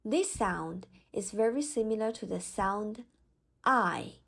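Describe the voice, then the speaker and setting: A woman teaching Mandarin pronunciation in a slow, scripted lesson, with clear, drawn-out model sounds. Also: medium pitch, expressive, a little mellow.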